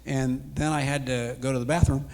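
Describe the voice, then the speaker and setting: A man's voice: mid-range voice, level tone, normal speed, gravelly, darkish tone. A retired man in his sixties telling an emotional personal story as an interview guest, acting out the dialogue. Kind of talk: personal testimony. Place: church sanctuary. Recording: long hall reverb.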